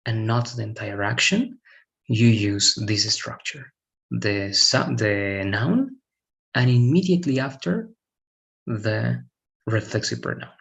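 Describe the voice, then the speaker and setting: A man's voice: mid-range voice, animated, unhurried, vocal fry, a bit bright, rough recording. A man teaching an English grammar lesson one-on-one online. He explains patiently, repeats himself, and keeps checking understanding with "all right?".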